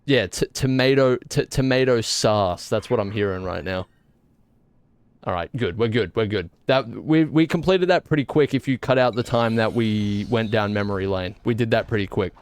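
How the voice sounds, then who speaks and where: A man's voice: on the low side, normal speed, darkish tone, clear, resonant tone, dry recording. A man with an Australian accent chatting casually while streaming a game, rambling and joking with mock indignation. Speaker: gaming streamer. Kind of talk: casual live-stream chat while playing.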